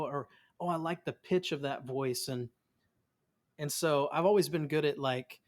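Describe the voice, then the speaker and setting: Man, voice actor guest, fairly high voice, chatty interview, stumbles and restarts. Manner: animated storyteller, acts out quotes of family; many restarts and repeated words. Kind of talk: casual interview chat.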